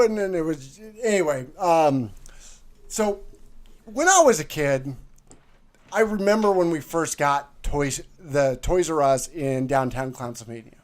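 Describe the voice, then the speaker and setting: A man's voice: on the high side, expressive, a little slow. Rambling, jokey male podcast co-host. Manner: rambling, jokey, with many fillers. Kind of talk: casual comedic chat.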